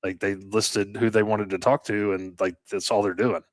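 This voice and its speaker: A man's voice: fairly low pitch, flat delivery, moderate pace, no echo. A man telling stories in a casual podcast chat, rambling with fillers and restarts and swearing casually. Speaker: podcast co-host and landscaping business owner.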